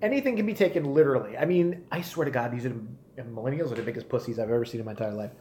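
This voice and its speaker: A man in his forties ranting on a live stream, profane and animated. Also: medium pitch, rapid-fire, roomy sound, slight background noise. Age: 40s. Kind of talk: casual rant.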